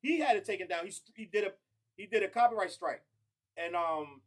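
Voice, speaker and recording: High-voiced man arguing on a podcast. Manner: talks fast and builds his argument with many names. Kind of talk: casual hip hop debate.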